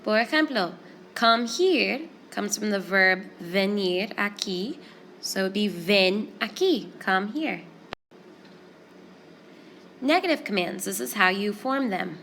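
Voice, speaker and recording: A woman teaching a Spanish grammar lesson, explaining each step in a clear, steady way. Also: medium pitch, slow pace, a little hiss or hum.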